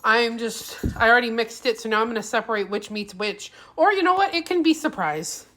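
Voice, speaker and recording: A woman's voice: fairly high pitch, lively intonation, a little fast, a bit bright. A young woman chatting casually while cooking in her home kitchen, rambling and self-deprecating as she drifts off topic. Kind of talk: casual cooking vlog chat.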